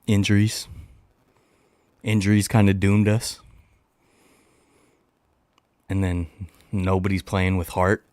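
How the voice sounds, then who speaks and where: A man hosting a casual livestream chat, talking to his viewers in a playful, animated way. He blows kisses into the mic, repeats lines for emphasis and refers to himself in the third person. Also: low voice, a little slow, clean tone, dry recording. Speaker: livestream host.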